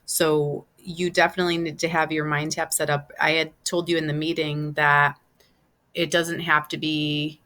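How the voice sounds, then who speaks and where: A woman's voice: deep voice, level tone, normal speed, sharp tone. A woman teacher giving a recorded online lesson, spelling words out letter by letter and repeating them patiently. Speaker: Spanish teacher.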